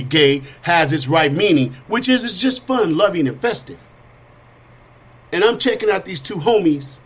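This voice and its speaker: With a fairly high-pitched voice, a middle-aged Californian talk show host delivers a casual storytelling monologue. He acts out sounds and quotes in an animated way.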